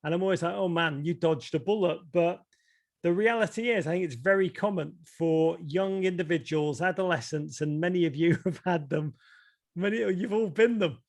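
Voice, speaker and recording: A man from England with a Liverpool accent, high-voiced and speaking at a moderate pace, is an author reading from and discussing his book on a video call. He tells stories in a casual, animated way, acting out the voices of the people he quotes.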